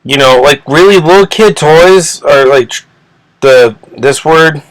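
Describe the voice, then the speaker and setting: A man's voice: on the high side, a little slow, dry recording, low-quality recording. A man hosting his own channel, ranting in an agitated, indignant way, swearing often and restarting his sentences again and again. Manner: profane, rambling, many restarts and repeated words. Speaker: channel host. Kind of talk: ranting commentary video.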